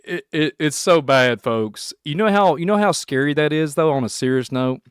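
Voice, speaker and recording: Man, Kentucky accent, solo podcast host, rambling, excitable, laughs a lot, fairly high voice, dry sound. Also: moderate pace, smooth, no echo. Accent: Kentucky Southern American. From Kentucky, USA.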